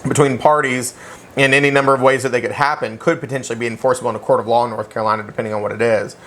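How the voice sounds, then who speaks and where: A man teaching a real estate licensing class in an animated, joking way, often checking in with "okay?" and speaking. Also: mid-range voice, rapid-fire. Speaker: real estate exam instructor. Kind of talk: classroom lecture.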